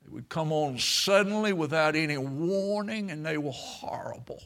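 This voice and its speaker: A man preaching a sermon, telling stories and swelling into loud, emphatic preaching. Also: fairly high pitch, normal speed.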